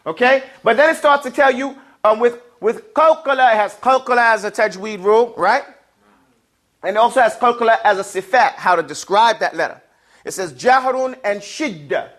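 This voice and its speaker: A man's voice: very high voice, moderate pace, a bit bright. A man teaching Arabic and recitation in a classroom, explaining patiently and having the class repeat each word after him. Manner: call-and-response, has the class repeat words.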